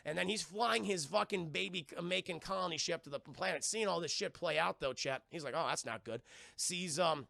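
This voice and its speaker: A man's voice: sits high, a little fast, creaky, hardly any pauses, sharp tone, dry recording, studio quality. A man streaming a casual, profane scene-by-scene film recap and talking to his chat.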